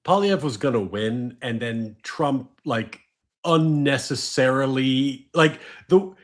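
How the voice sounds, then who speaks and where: A man's voice: medium pitch, takes it slowly. Wry man co-hosting a livestream chat. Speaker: co-host reading chat messages.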